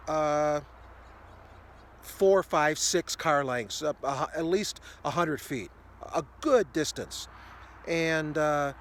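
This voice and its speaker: 60s guy rambling thru a story, kinda high voice, faint hum behind. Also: fairly bright tone. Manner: rambling, many fillers and restarts. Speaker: ministry video host. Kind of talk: casual storytelling to camera.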